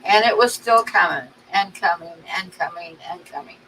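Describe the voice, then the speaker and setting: A woman's voice: fairly low pitch, normal speed, gravelly, pushed and bright, a little hiss or hum, poor audio. A woman artist chatting casually on a livestream, telling stories and laughing often as she runs an art auction.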